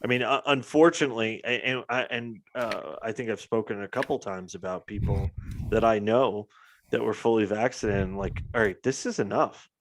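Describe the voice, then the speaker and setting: A man co-hosting a casual talk show, telling stories in a profane, animated way and acting out what others said. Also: fairly low pitch, normal speed. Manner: profane, animated storytelling with quoted dialogue. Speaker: podcast co-host. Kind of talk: casual chat.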